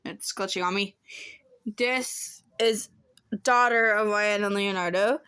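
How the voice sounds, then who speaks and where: Casting: a woman reading her own fan fiction, slow and halting, with dry close sound from a phone. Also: mid-range voice, bright, forceful tone, clear, resonant tone, dry recording. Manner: halting reading, self-corrections and giggling asides. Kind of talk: casual story reading.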